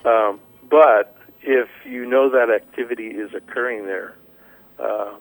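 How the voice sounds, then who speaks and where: A man who is a city council member, answering questions on a radio show in a measured, hesitant way. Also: mid-range voice, steady tone, rough recording. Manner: measured, hesitant, repeats words. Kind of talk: radio interview.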